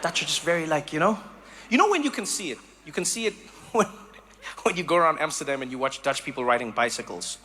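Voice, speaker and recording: A man from South Africa performing a stand-up comedy set, animated and acting out voices and sounds in sudden bursts. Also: on the high side, fast.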